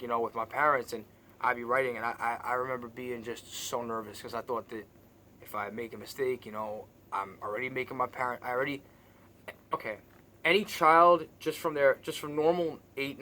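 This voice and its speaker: Guy rambling about his life, lots of restarts, swears a lot, bright edgy voice. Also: medium pitch, slight background noise. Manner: rambling with many restarts and fillers; blunt, swears freely. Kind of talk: personal monologue.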